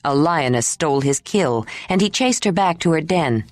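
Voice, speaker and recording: A woman narrator voicing a steady young male hunter who speaks tersely and plainly. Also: deep voice, normal speed, dry recording, clean studio sound.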